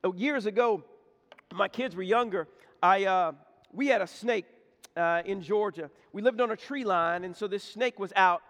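A man's voice: sits high, moderate pace. A man preaching a sermon, telling a folksy story with lots of repetition and humor. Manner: folksy, animated storytelling, repeats words. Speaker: pastor. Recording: echoey hall.

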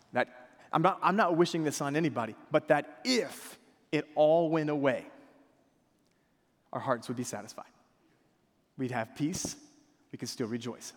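A man pastor preaching a conversational sermon, drawing the congregation into responses and reading scripture aloud with them. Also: fairly high pitch. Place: church sanctuary. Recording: long hall reverb.

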